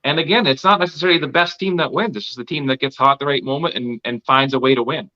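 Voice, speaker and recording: A man with a bright, forceful voice talks like an opinionated fan on a casual sports podcast. His mic sounds dull and lo-fi. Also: mid-range voice, fast talker. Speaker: podcast co-host.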